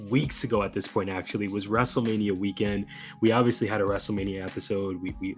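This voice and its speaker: A man co-hosting a podcast in casual chat, upbeat and energetic, recovering from a cold. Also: lowish voice. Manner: upbeat, energetic, laughs easily. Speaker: podcast co-host.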